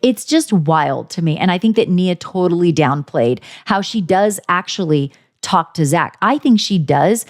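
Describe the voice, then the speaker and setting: A woman's voice: measured pace, hardly any pauses. A woman co-hosting a podcast, chatting casually and bluntly, swearing freely and acting out quotes with big jumps in her voice. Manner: animated, acts out quotes with big pitch jumps. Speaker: podcast co-host. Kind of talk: casual recap chat.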